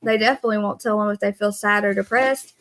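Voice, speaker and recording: A woman's voice: mid-range voice, steady tone, fast, fairly bright tone, slight background noise. A woman, hosting a casual live stream and earnestly greeting viewers by name. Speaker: livestream host.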